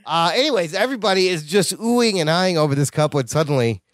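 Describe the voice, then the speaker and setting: Man co-host, joking recap, slightly high voice, dry close mic. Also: lively intonation, quick pace, no room sound. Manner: joking, laughs often. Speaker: podcast co-host. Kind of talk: casual chat recapping a sitcom episode.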